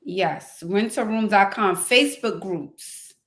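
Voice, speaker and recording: A woman's voice: medium pitch, slow pace, a bit bright. A woman hosting a live-streamed advice session, talking to a caller in a direct, encouraging way. She turns to her viewers now and then and asks them for help. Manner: direct, encouraging, speaks to chat. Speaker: advice show host.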